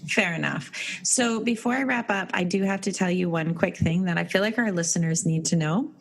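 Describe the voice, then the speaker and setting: A woman's voice: on the low side, a little fast, creaky, low-quality recording. A woman hosting a podcast, teasing and laughing often in casual interview chat. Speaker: podcast host.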